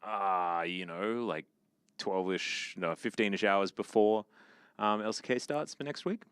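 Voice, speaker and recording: A man's voice: on the low side, unhurried, fairly bright tone, smooth, no room sound. A male esports caster chatting casually with his co-host in a dry, playful way. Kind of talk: casual chat between casters.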